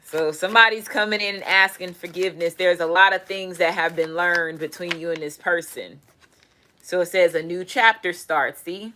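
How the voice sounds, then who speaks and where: Bright-voiced animated woman reading tarot. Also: on the low side, moderate pace, a little hiss or hum. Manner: animated, profane, laughing asides. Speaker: tarot reader. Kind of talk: casual tarot reading monologue.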